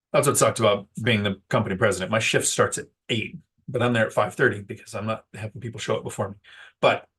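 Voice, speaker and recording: A man's voice: medium pitch, fairly bright tone, slightly rough. A man talking casually to the camera about landlord life, rambling and poking fun at himself when he loses a word. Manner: rambling and self-deprecating, loses his words. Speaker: real estate investor vlogger. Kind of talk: casual talking-head vlog.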